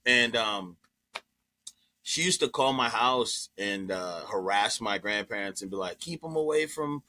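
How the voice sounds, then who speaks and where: A comedian guest telling a story in casual chat, profane and animated, jumping into other people's voices as he goes. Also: lowish voice, unhurried.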